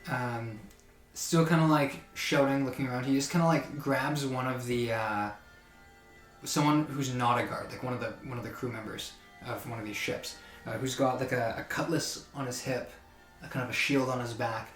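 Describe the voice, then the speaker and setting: A man's voice: medium pitch, steady tone, moderate pace, fairly bright tone, reverberant, soft background music, poor audio. A man running a tabletop game as game master, narrating loosely with lots of fillers. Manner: loose, full of fillers like "kinda, like".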